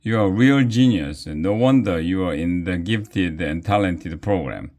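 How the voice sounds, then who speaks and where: A man's voice: low-pitched, unhurried, a little mellow. A man voicing a sarcastic schoolgirl who mocks a classmate in a children's story. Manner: sarcastic, mocking.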